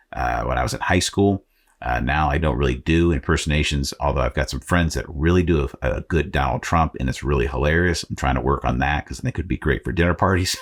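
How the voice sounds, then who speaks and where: A man from Arizona with a very deep, low-pitched voice hosts a faith podcast. He talks conversationally, with frequent fillers and a self-deprecating humor. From Arizona, United States. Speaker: podcast host. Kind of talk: motivational faith podcast talk.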